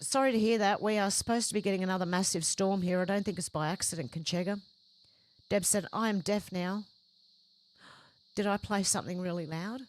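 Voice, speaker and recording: A woman hosting a livestream, reading out viewers' chat comments one after another and adding short conversational reactions of her own. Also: on the low side. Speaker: livestream host.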